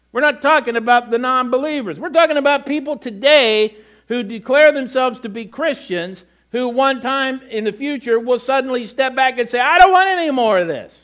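High-voiced chatty male pastor. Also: a bit bright, dull audio. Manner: conversational, self-deprecating asides and repetitions. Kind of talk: sermon.

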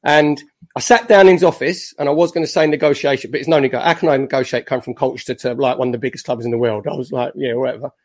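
A man's voice: medium pitch, fast. Chatty man telling football stories. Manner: lively, chatty storyteller with self-mocking jokes. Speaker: podcast guest, former footballer. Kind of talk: anecdotal storytelling on a podcast.

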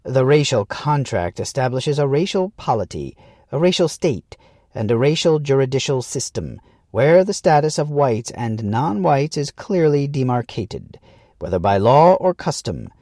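A man reads a scripted essay in a measured, earnest voice. His pitch moves a lot, rising and falling to stress points. The tone is warm and mellow, and the sound is dry and close. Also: very animated, no room sound. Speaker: narrator.

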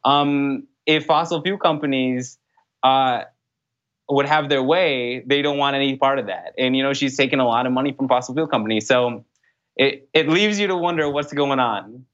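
A young man answering interview questions as a political candidate, in an earnest, brisk way with frequent fillers. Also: mid-range voice, a bit bright. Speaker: congressional candidate. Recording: dull lo-fi sound.

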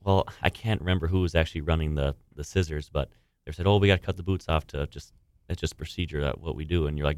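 Very deep, quick-talking man. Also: steady tone, no room sound, studio quality. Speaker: first responder guest. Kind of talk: casual studio interview. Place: studio.

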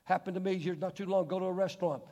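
A male pastor preaching a sermon in a church hall, emphatic, asking rhetorical questions and slowing down to stress key words. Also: high voice, fairly even intonation, mellow. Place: large church hall with screen. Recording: long hall reverb.

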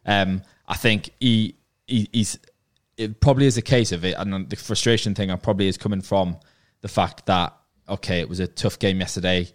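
A man's voice: deep voice, fairly even intonation, moderate pace, few pauses. A man on a football podcast panel, thinking aloud with frequent restarts as he weighs his points. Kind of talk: casual football podcast chat.

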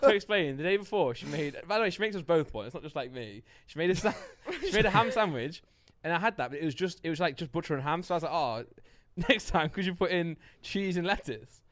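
A man's voice: a little high, lively intonation, fast, a bit bright. A man on a casual podcast, telling a story animatedly and swearing now and then.

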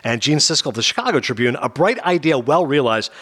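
Fast-talking man chatting about films. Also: medium pitch, slightly rough. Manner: fast, rambling, animated with impressions. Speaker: radio host. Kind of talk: casual film talk.

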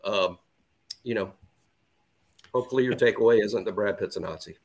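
Halting, stammering podcast co-host man. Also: lowish voice, slight background noise. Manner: halting, repeats words, restarts. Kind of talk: casual chat.

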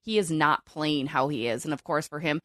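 A woman's voice: low voice, normal speed, a bit bright, dry recording, studio quality. A woman co-hosting a sports podcast, chatty and upbeat. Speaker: co-host. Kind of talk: casual sports podcast chat.

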